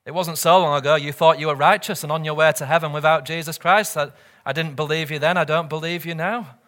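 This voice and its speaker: Bright-voiced male pastor preaching. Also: on the high side, steady tone, fast. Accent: British or Commonwealth English. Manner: earnest, asks the congregation rhetorical questions. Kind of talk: sermon.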